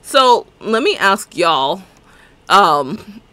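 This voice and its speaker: A woman's voice: mid-range voice, sing-song, very slow, bright, forceful tone, dry recording. A woman live-streaming a game, chatting casually and rambling, laughing often as she talks. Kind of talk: casual live-stream chat while playing.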